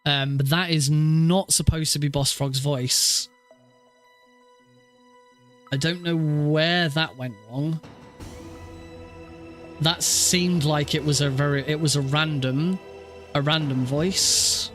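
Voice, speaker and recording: A man's voice: a little high, steady tone, takes it slowly, pauses often, a bit bright, soft background music. A man streaming a speedrun who chats casually, thinks aloud and often restarts his sentences. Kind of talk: casual live-stream chat.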